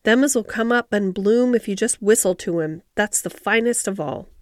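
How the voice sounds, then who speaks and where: A woman's voice: mid-range voice, moderate pace, no room sound, studio quality, close to an everyday voice. A woman voicing a cheerful country boy, talking in an easy, broad dialect. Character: cheerful country boy who talks to animals.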